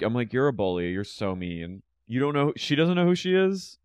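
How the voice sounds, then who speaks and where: A man's voice: mid-range voice, animated, a little fast, few pauses, smooth, dry recording, studio quality. A man co-hosting a podcast, chatting and mimicking people in exaggerated voices while recapping a reality show. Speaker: podcast co-host.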